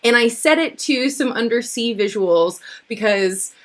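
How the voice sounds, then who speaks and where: A woman hosting a livestreamed talk show in a giggly, excitable, rambling way. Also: a little high, a little slow. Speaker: host.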